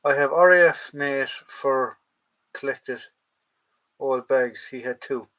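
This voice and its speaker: Rummaging through a drawer at home, an Irishman runs a live stream about collectibles, rambling casually and addressing his viewers as lads. He talks slowly in a mid-range, fairly bright voice on a rough recording.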